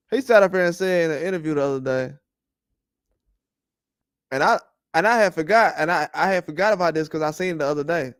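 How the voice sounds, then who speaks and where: Male boxing host, high smooth voice, dry close sound, loose rambling trash talk. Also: no echo. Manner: animated, rambling trash talk with frequent laughs. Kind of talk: casual boxing commentary livestream.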